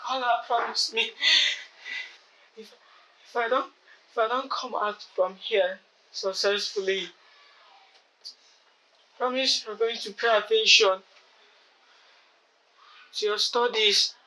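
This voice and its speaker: A young man, playing a weak student in a hospital bed who pleads in a halting way and repeats himself. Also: extremely high pitch, steady tone, bright, forceful tone, exaggerated voice, low-quality recording. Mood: pleading. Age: young adult. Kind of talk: film acting.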